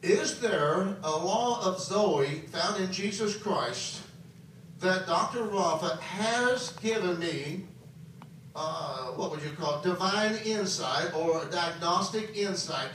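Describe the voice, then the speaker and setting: A man preaching a sermon, swinging between soft and loud and repeating phrases for emphasis. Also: high voice, slow, slight background noise. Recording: very echoey hall, voice from far off.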